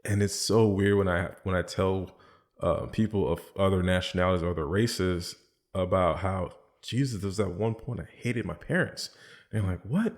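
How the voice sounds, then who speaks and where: A man talking as a podcast guest in casual chat, telling animated stories and acting out other people's lines. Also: low-pitched, moderate pace. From Caribbean island family background.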